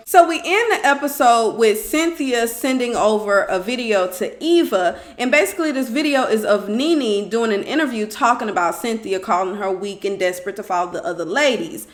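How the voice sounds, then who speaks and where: A woman recapping a reality TV episode in a chatty, expressive way, often tossing in "okay?" asides. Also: fairly high pitch, moderate pace, few pauses, reverberant. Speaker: TV show reviewer.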